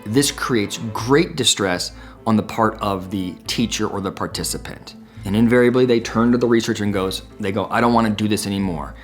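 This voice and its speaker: A man's voice: fairly low pitch, moderate pace, faint music behind. A man, a psychologist, explaining a classic study in an educational talk, telling it as a story. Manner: storytelling, acts out quoted dialogue.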